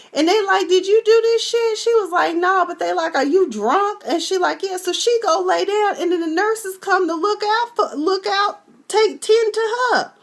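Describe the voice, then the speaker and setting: A woman with a Texan accent, recapping a TV episode in a sassy, exclamatory way, acting out the characters as she goes. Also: high voice. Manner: sassy, exclamatory, acts out scenes with many voices. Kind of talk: animated casual recap.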